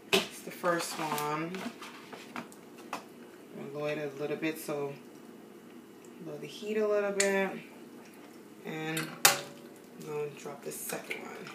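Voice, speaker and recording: A woman's voice: low-pitched, distant mic, heavy background noise. Chatty young woman cooking at home. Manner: chatty and rambling, with many fillers. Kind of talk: casual cooking tutorial. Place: home kitchen at night. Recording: echoey kitchen, voice away from the mic, clear cooking clatter. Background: pans, dishes and frying sounds.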